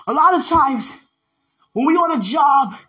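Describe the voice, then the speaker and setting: A woman giving a devotional podcast sermon, retelling a Bible story with animated storytelling and acting out the characters' lines. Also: high voice, unhurried, poor audio. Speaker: preacher.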